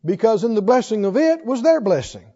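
High-voiced, lively male preacher. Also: brisk, big-room sound, dull audio. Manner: emphatic, swings between loud declarations and quiet reasoning. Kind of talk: sermon.

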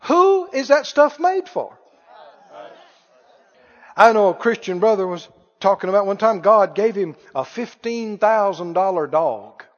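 A man with a high-pitched, sing-song voice preaches at an unhurried pace in a folksy, joking style, mocking his critics with mock wails. The sound is dull and lo-fi, captured in a reverberant hall.

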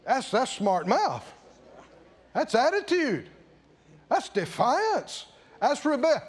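A man's voice: very high-pitched, huge pitch swings, takes it slowly, pauses often, slightly rough. A man preaching a sermon, firing questions at the congregation and driving points home with emphatic repetition. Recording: long echo of a large hall.

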